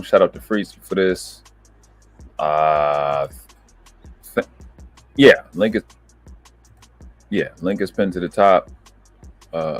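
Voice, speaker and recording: Husky man chatting on stream. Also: sits low, no room sound. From Baltimore, Maryland. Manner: loose, reads chat aloud and banters. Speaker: livestream host. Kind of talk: casual livestream chat.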